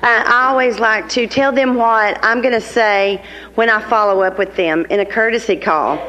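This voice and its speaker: A woman's voice: fairly high pitch, moderate pace, fairly bright tone, long reverb tail, dull audio. A woman sales consultant sharing how she runs her class, chatty and earnest as she speaks directly to her listeners. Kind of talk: sharing a practice with a group.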